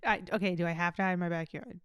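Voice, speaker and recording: A woman co-hosting a comedy podcast over a video call, playful with deadpan asides. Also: on the low side, very fast, smooth, no echo, studio quality. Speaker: podcast co-host. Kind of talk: casual comedic chat.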